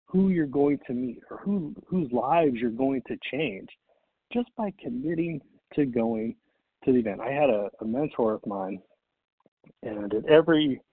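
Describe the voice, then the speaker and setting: A man's voice: mid-range voice, animated, measured pace, slight background noise. A middle-aged man telling a motivational business story, acting out both sides of the phone calls. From Texas. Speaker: network marketing speaker. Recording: tinny phone-like audio.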